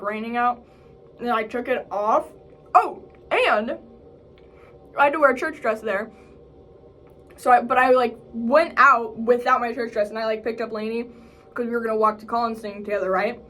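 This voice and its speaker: A fairly quick, slightly bright-voiced college student vlogs in a chatty way, using fillers such as "like" and "bro" and acting out quotes in a higher voice. There's a little hiss or hum.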